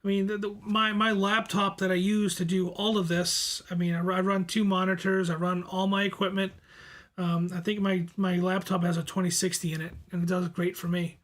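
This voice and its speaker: A friendly, easygoing Bostonian livestreamer goes through his chat, reading comments out and replying at a moderate pace. He has a high, level voice that barely rises or falls, and his answers are full of repeated words and fresh starts.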